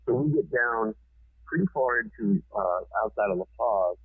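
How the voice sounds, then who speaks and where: A man, a TV producer and podcast guest, telling a story in a casual, forceful way and swearing freely. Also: mid-range voice, lively intonation, moderate pace, breathy edge, no echo. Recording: tinny phone-like sound.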